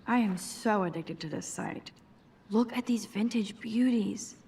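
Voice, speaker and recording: A shy, introspective young photography student from a video game, voiced by a woman. She murmurs her thoughts quietly, half to herself, at an ordinary mid pitch. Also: measured pace, a little hiss or hum, lightly acted. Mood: musing. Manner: quiet, self-mumbling inner monologue.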